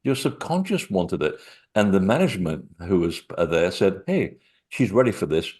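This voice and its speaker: A man telling lively stories as a guest speaker, laughing often. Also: deep voice, moderate pace, slightly rough. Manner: animated, laughing storyteller. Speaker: guest speaker, author on sacred sites. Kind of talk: storytelling in a webinar talk.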